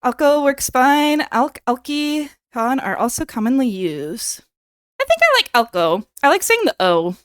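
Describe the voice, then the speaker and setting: A woman's voice: a little high, a bit bright, smooth, dry recording, studio quality. A young woman streamer chatting casually with her viewers, playful and given to dramatic bits.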